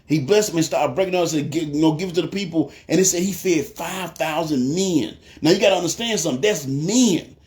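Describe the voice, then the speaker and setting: A man's voice: on the high side, brisk, few pauses, darkish tone. A young man, telling a testimony in a casual sermon and often asking "you know what I'm saying.". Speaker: preacher.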